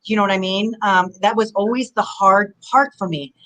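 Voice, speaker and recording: A middle-aged woman from Southern California, once a wrestler, chats as a guest on a video-call interview, rambling animatedly through her stories. Her voice sits in the mid range at a moderate pace, and the recording is rough.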